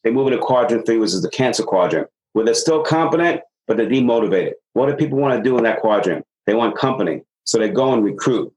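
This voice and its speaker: The interviewee, a middle-aged sales consultant, talks quickly and barely pauses, his mid-range voice full of energy as he acts out story dialogue. It's an interview podcast conversation, and the recording is rough.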